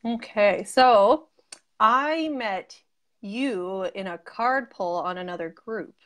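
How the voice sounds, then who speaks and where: A woman's voice: mid-range voice, slow. A young adult woman chatting as an interview guest, gushing and enthusiastic, filling her talk with "like" and little laughs. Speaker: interview guest, group member. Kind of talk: casual chat.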